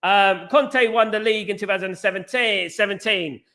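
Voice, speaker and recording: A man hosting a football fan live stream, bantering and giving shout-outs to viewers in the chat. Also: high voice, normal speed, vocal fry. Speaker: host.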